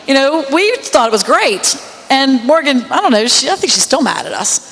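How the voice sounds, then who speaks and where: A woman emcees a county fair queen contest, spinning a chatty story with easy laughter. Her voice sits a little high. It rings out through a reverberant fair PA, heard from a distance. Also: very animated, moderate pace, fairly bright tone, slight background noise. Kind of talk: storytelling at a podium. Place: outdoor fair stage with PA system.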